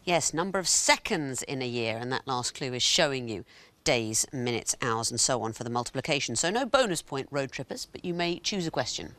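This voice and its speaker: A woman's voice: rumbling low, expressive, a little fast, hardly any pauses, fairly bright tone. A woman hosting a television quiz, explaining answers in a dry, explanatory way. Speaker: quiz show host.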